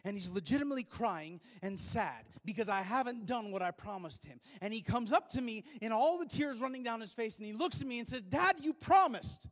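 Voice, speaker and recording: A man with a notably high-pitched voice preaches a sermon to his congregation. He leans on rhetorical questions to drive his points home. Between them he slips into plain, conversational asides aimed at the room. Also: animated, brisk, few pauses. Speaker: pastor.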